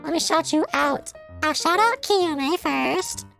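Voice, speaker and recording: Brief: a man doing a high, chirpy girl voice run through a vocoder, slow and drawn out, bubbly streamer greetings into a streaming mic. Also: creaky, bright, forceful tone, faint music behind, full character voice. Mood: giddy. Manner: falsetto, bubbly chat greetings. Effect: vocoder formant shift upward. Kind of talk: live stream chatter.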